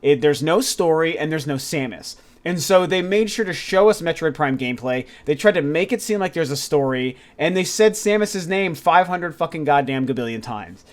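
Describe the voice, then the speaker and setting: Excitable man giving candid game opinions. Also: on the high side, moderate pace, hardly any pauses. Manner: candid and excitable, with frequent fillers and some swearing. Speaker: gaming news video host. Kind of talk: casual opinion commentary.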